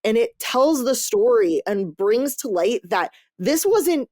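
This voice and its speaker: A woman hosting a podcast, chatting casually about books she read, lively and loose, cursing freely as she goes. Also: fairly high pitch, slow pace, dry recording, clean studio sound. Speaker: podcast host. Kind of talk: casual book review chat.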